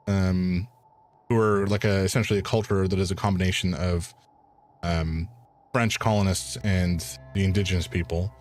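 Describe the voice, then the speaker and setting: A man's voice: fairly low pitch, darkish tone. A man from Canada commentating a live game playthrough in a rambling, chatty way, laughing often and using many fillers. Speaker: gaming streamer.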